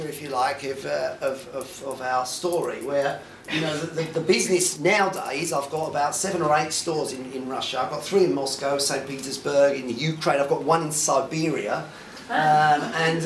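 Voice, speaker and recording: A man's voice: a little high, slight background noise. A man giving a casual, rambling talk to an audience, chuckling and often restarting his sentences. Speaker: guest speaker, jewellery designer. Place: lecture room. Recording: echoey room, mic at a distance.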